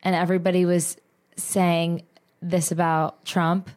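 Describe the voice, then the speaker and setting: A woman's voice: lowish voice, little pitch movement, a little slow, a little mellow. Blunt, rambling woman co-host, casual and unfiltered. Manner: rambling, blunt, swears freely. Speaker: podcast co-host. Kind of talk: casual chat.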